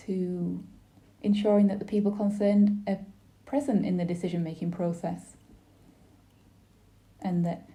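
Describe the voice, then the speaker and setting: A woman giving a simultaneous interpretation of a webinar panel, speaking in a measured, formal way with brief pauses and restarts. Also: lowish voice, mellow.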